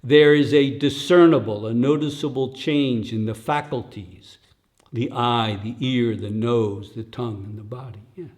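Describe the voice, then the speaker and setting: An older man giving a dharma talk at a retreat in a slow, reflective way, often tagging his lines with "huh?" and dropping to soft, near-whispered asides. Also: medium pitch, fairly even intonation. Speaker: dharma teacher.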